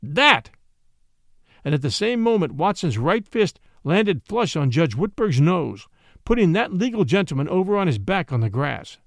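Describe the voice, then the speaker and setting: Lively expressive male storyteller. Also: a little high, normal speed, vocal fry, dry recording, clean studio sound. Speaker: narrator. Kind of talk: audiobook narration.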